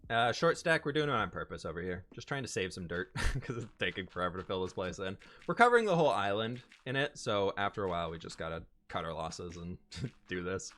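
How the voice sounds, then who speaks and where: A man's voice: low voice, big pitch swings, a little fast, a bit bright. A man in his twenties, from Pennsylvania, hosting a livestream in a chatty way, laughing often and reading chat aloud. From Pennsylvania, USA. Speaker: livestream host. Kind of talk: casual chat while gaming.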